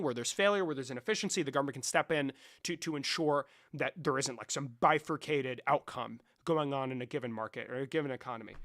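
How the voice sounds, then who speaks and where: A young man talks off the cuff on a livestream, swearing freely and rambling between jokes. His voice sits a little high and has a sharp, bright edge. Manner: profane, rambling, loose and joking. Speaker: streamer. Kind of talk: casual livestream chat, answering chat.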